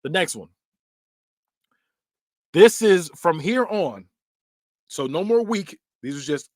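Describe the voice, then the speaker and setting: A man's voice: fairly high pitch, takes it slowly, long pauses, no echo, clean studio sound. A man hosting a podcast, recapping film scenes in a loose, conversational way and acting out screams and quoted lines. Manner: animated, acts out scenes with yelps and quoted voices; loose and conversational with frequent fillers. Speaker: podcast host. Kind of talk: casual movie recap.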